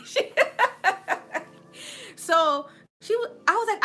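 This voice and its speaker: A woman's voice: sits high, wildly swooping pitch, slow, pauses often, bright, forceful tone. A woman, hosting a casual livestream, chatting with viewers and laughing often as she tells a story. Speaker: livestream host.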